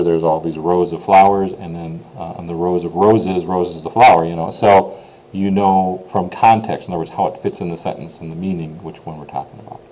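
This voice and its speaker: In a low, dark voice, a native English speaker teaches French pronunciation casually, saying words slowly more than once and asking "okay?" as he goes. The audio quality is poor.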